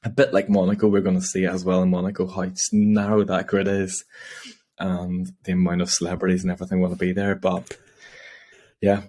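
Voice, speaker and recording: Low-voiced rambling man. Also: completely flat delivery, fairly quick, warm tone. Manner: rambling, laughs often, acts out quotes. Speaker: podcast co-host. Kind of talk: casual chat about motor racing.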